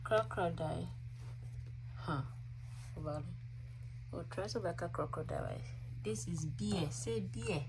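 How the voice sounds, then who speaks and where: A woman's voice: fairly low pitch, slow, pauses often. A young mother vlogging at home at night, coaxing her toddler to name animals and candidly telling the camera how tired she is. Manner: coaxing, teaching a toddler words. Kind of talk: casual family vlog. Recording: noisy home recording.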